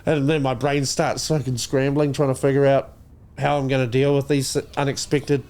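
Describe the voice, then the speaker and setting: A man's voice: medium pitch, little pitch movement, moderate pace, a little mellow. A man from New Zealand, co-hosting a comedy podcast, ranting and joking crudely with lots of swearing. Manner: profane, ranting, slips into mock voices. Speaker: podcast co-host.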